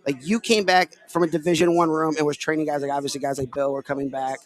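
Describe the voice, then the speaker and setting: A man's voice: on the high side, fairly even intonation, fast talker. A man from Illinois hosting a casual podcast, talking in a rambling, filler-heavy way. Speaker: podcast host. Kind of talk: casual chat.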